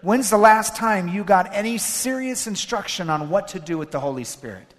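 A man's voice: high voice, moderate pace. A man giving a sermon-style talk to a live audience as a Catholic speaker, telling stories with animation and raising his voice for quotes. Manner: animated storytelling, switches to raised emphatic voice for quotes. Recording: long reverb of a large hall.

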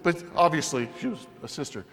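Animated man in an echoing hall. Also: a little high, brisk, slight background noise. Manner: animated storytelling with self-deprecating humor. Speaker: Catholic speaker. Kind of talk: personal testimony talk. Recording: long hall reverb.

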